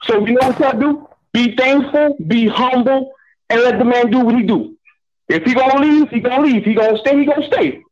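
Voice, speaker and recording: A male caller on a radio show, laid-back and reassuring, repeating himself to calm listeners. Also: extremely high pitch, fairly quick, muffled recording, a little hiss or hum. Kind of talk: call-in radio chat.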